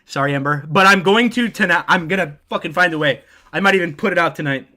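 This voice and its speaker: A man live-streaming and chatting casually with viewers, excitable and profane, thanking new followers by name. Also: a little high, fast talker.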